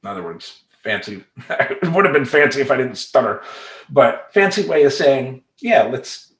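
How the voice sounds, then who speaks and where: A man's voice: mid-range voice, big pitch swings, moderate pace, fairly bright tone. Emphatic streetwise man in echoey room. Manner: emphatic, streetwise, casual slang. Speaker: life coach. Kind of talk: talking-head vlog monologue.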